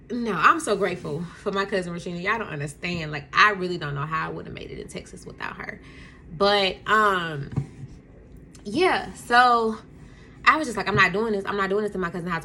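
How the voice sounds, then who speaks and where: A woman's voice: medium pitch, a little hiss or hum. A young woman casually telling a storytime to her camera at home, acting out quotes and laughing often. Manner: animated, acts out quotes, laughs often, addresses viewers as y'all. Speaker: storytime vlogger. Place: home room with a Christmas tree.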